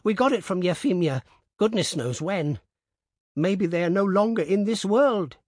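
A man reading aloud, voicing a grieving old peasant woman who is anxious and sharp, in a raised, pleading voice. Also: lively intonation, moderate pace, no room sound, studio quality. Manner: raised pitch, pleading and tearful.

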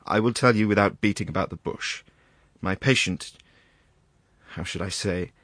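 A man's voice: sits low, moderate pace, a bit bright, no echo, studio quality. A man reading the part of a rambling, embarrassed country doctor, hesitant and full of asides. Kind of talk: audiobook reading.

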